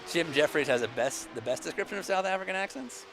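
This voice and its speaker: A man's voice: fairly high pitch, lively intonation, quick pace, vocal fry, a loud crowd. A man co-hosting a casual racing chat over a video call, joking and sarcastic, slipping into mock play-by-play. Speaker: podcast co-host.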